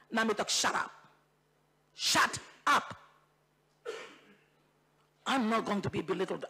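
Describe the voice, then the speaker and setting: A woman's voice: on the high side, a bit bright. A woman with a Papua New Guinean accent, a member of parliament, gives a fiery, repetitive, rallying speech in the parliament chamber. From Bougainville, Papua New Guinea.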